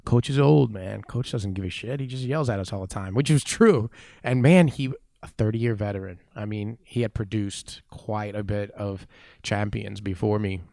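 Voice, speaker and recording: A man's voice: medium pitch, normal speed, gravelly, no echo, studio quality. A man around forty, a weightlifting coach, telling a story in an interview, acting out the dialogue and often saying "man". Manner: animated storyteller, acts out dialogue, says "man" a lot.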